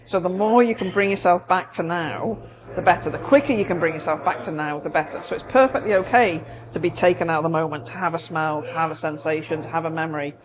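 A woman's voice: low-pitched, fast talker. Chatty woman therapist in a busy café. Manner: chatty, explains with everyday examples. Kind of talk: casual explanatory chat. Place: busy coffee shop. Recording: noisy coffee shop recording. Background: café crowd chatter.

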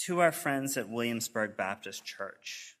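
A male pastor giving a sermon, reading letters of support aloud in an earnest, measured way. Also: mid-range voice, expressive, a bit bright. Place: church sanctuary.

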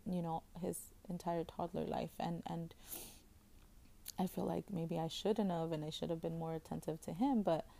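A woman in her thirties talks casually on her podcast, her voice low-set and gravelly with plenty of vocal fry. She rambles in a fairly flat tone, circling back with fillers and restarts, and lets her emotions show. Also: moderate pace. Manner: openly emotional. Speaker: podcast host. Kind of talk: casual chat.

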